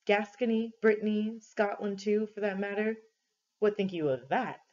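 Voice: mid-range voice, normal speed, a little mellow, natural voice. A reader voicing a domineering, leering male juggler who boasts and barks demands, in a story read aloud for a class, on a dull lo-fi recording. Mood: boastful. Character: boisterous wandering male juggler, big-bellied, domineering.

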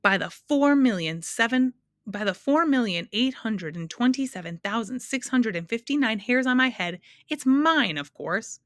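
A woman's voice: mid-range voice, lively intonation, a little fast, a bit bright, no room sound, clean studio sound. A woman voicing a grand old male wizard of numbers in a storybook, bellowing and proud. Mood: booming.

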